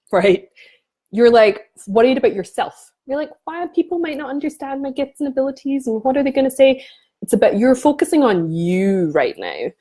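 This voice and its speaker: A woman's voice: medium pitch, darkish tone. Passionate woman coach talking to camera. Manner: passionate, restarts sentences often. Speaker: spiritual coach. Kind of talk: casual talk to camera.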